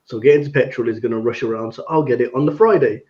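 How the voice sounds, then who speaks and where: A man's voice: mid-range voice, quick pace, a little mellow, highs cut off. A laid-back man co-hosting a casual football chat, swearing casually. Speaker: podcast co-host.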